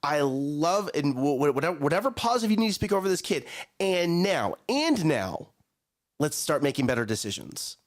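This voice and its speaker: A man in his thirties co-hosting a morning talk show, speaking casually in an animated, coaching way and often repeating his words. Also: a little high, normal speed. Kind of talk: casual chat.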